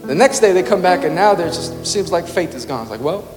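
High-voiced man preaching with passion. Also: lively intonation, fairly quick. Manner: impassioned, shouting, rhetorical questions. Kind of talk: sermon. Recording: long hall reverb with music underneath.

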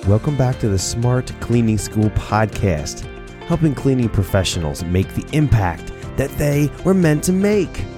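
A man's voice: mid-range voice, sing-song, measured pace, music in the background. A man hosting a podcast, telling stories in a playful, chatty way with jokey asides. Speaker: podcast host. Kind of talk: storytelling podcast monologue.

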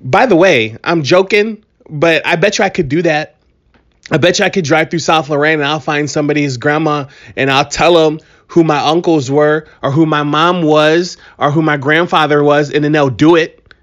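A man hosting his own podcast in a casual solo monologue. He talks in an animated, joking, hyped-up way, and his voice sounds a bit strained from allergies. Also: on the high side, normal speed, lo-fi sound. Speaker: podcast host.

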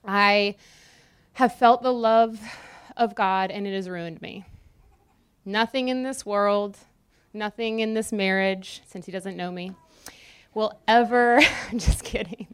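Young woman preacher, smooth clear voice, conversational sermon with light teasing. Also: medium pitch, slow pace. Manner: conversational, jokes with the congregation.

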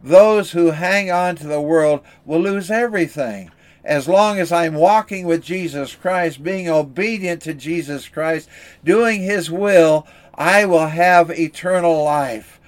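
A man preaching a sermon, telling an illustration story in an earnest, steady way. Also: a little high, slow. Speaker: pastor.

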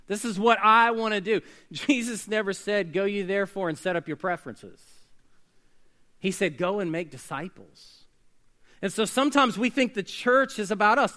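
A man preaching a sermon as pastor, swinging between loud emphatic bursts and quiet hushed lines. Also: high voice. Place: church sanctuary.

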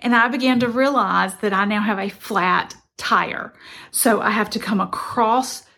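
A woman's voice: mid-range voice, unhurried, creaky, bright, forceful tone. A middle-aged woman, earnestly telling a personal story in a reflective, conversational way. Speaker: motivational speaker.

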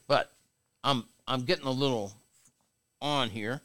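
A man's voice: mid-range voice, measured pace, a bit bright. A man giving a sermon as a bishop, preaching with call-and-response to his congregation.

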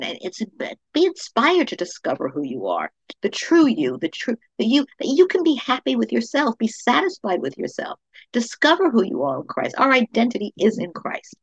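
Husky woman telling a faith story. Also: on the high side, dry recording, muffled recording. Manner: personal storytelling with faith encouragement. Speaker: podcast host. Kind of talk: devotional monologue.

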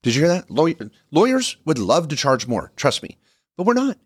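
A man co-hosting a business podcast, pitching services in an emphatic, animated way with many restarts. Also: normal speed, breathy edge, no echo, studio quality. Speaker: podcast co-host, business lawyer. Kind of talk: casual podcast chat.

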